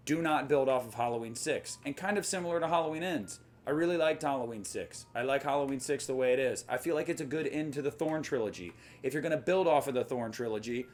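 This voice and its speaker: A man's voice: mid-range voice, a little hiss or hum. Emphatic man giving film opinions. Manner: emphatic, animated, jokey asides. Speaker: horror film commentator. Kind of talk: opinionated casual monologue.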